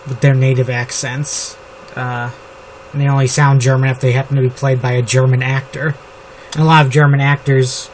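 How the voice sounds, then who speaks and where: A man writing a novel on camera, slowly reading his draft aloud and rambling about it with lots of fillers. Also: mid-range voice, rough recording. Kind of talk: writing session, thinking aloud. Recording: steady background noise with keyboard typing. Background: computer keyboard typing.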